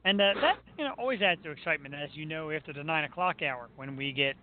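A man's voice: a little high, lively intonation, quick pace. A man hosting a live talk radio show, joking brashly and crudely with his co-host. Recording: tinny phone-line audio with faint hiss.

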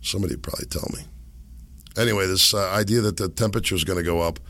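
A middle-aged man hosting a casual solo podcast from a home setup, rambling and laughing at his own jokes, his voice hoarse from being sick. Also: sits low, quick pace, sharp tone. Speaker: podcast host. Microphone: desk microphone.

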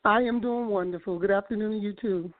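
A woman calling in to a radio show, speaking in an earnest, measured way with some fillers. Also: medium pitch. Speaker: caller, host's aunt. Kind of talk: call-in radio opinion. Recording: tinny phone line.

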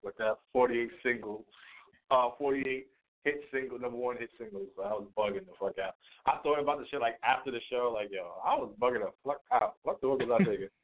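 Laid-back New co-host, mid-pitched man, phone-line tinny sound. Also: expressive, fast. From the Bronx, New York. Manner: laid-back, repeats "you know what I mean", chuckles. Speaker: podcast co-host. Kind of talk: casual sports and music chat.

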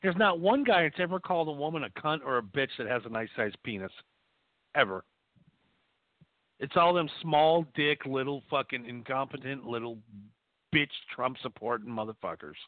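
A man's voice: medium pitch, normal speed, dry recording. A man co-hosting a casual chat, ranting with crude jokes. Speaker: podcast co-host. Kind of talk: casual profane banter. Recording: dry tinny phone-like audio.

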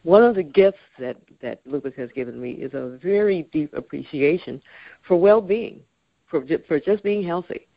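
A woman in her sixties talks calmly and earnestly as a radio guest, her voice low and gravelly. The sound is dry and a little dull, like lo-fi radio. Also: normal speed, no echo. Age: 60s. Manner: calm, reflective, earnest. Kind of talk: radio interview.

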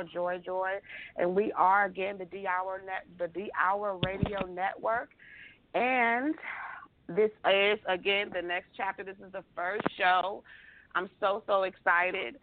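A woman's voice: medium pitch, steady tone, unhurried, no echo. A woman hosting a radio talk show, chatting casually and often repeating her words. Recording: phone-like narrow sound.

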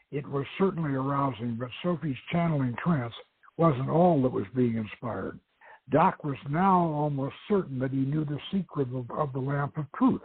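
Guy reading his own novel on the radio, measured storyteller, husky, sounds like a phone line. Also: a little high, no echo. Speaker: radio show host.

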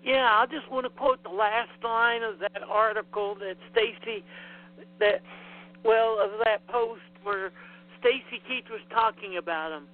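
A man's voice: sits high, a little slow. A man in a casual podcast chat, speaking bluntly with strong opinions. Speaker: podcast co-host. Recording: tinny phone line with hum.

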